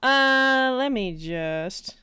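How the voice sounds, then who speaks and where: A woman running a tabletop game as game master, talking haltingly with many fillers and laughs. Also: high voice, animated, sharp tone, smooth, no echo.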